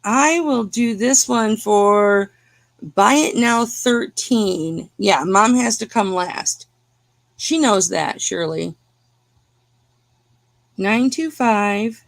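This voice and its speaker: A woman hosts a casual live jewelry auction stream, chatting and teasing her viewers as she shows pieces. She speaks slowly with a gravelly edge. The sound is dry and close. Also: medium pitch, lively intonation, no echo.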